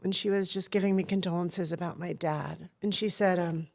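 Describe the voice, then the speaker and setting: A woman's voice: on the low side, steady tone, normal speed, creaky, few pauses, a little mellow. A woman talking as an interview guest, an acting teacher who tells personal stories in an earnest, reflective way and acts out the voices she quotes.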